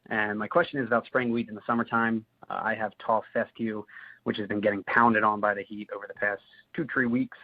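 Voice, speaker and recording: A man with a New Jersey accent leaves a call-in question and lays out his details step by step, with some "uh" fillers. His voice is low. It comes through a thin, phone-like line. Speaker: caller. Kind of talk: recorded listener question. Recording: tinny phone-line recording.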